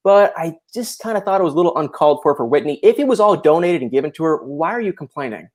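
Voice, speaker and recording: A man appearing as a guest on a video call, talking casually in an animated, opinionated way and often restarting his sentences. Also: fairly high pitch, quick pace. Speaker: guest YouTuber. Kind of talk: casual chat.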